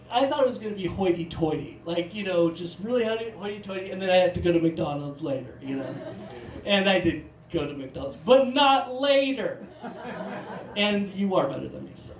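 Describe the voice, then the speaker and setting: A man's voice: sits high, a little hiss or hum. A man from Portland doing a stand-up comedy set, rambling and self-mocking with many restarts. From Portland, Oregon. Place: theater stage. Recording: live theater mic, roomy, from a distance.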